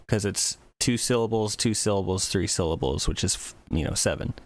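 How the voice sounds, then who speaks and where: A man's voice: lowish voice, moderate pace. A man chatting casually on a music livestream, rambling and thinking aloud with many fillers. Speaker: music streamer.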